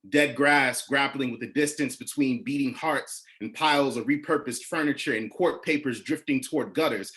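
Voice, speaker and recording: A man's voice: medium pitch, fairly bright tone. A man from Ohio performing spoken word poetry in a rhythmic, declaiming delivery that builds in force. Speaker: poet.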